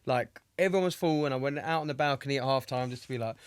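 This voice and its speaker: A man's voice: mid-range voice, fast talker, smooth, no echo. A man with a London accent co-hosting a casual podcast, teasing his friend in slangy banter. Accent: London English. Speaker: podcast co-host. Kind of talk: casual chat.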